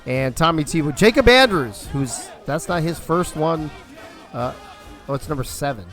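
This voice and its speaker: A man's voice: a little high, expressive, normal speed, a bit bright, faint music behind. A young man calling a football video game live on a stream, loose and profane, talking to his chat between plays.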